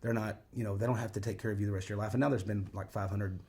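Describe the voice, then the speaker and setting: Fast-talking man telling a story. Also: fairly low pitch, fairly even intonation, mellow. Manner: chatty, rambling, many fillers. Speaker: former weight-loss show contestant, guest. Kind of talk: casual interview storytelling.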